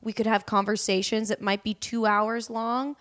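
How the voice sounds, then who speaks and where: A young woman, a podcast guest and actress, chatting and telling animated stories. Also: medium pitch, normal speed. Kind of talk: casual chat.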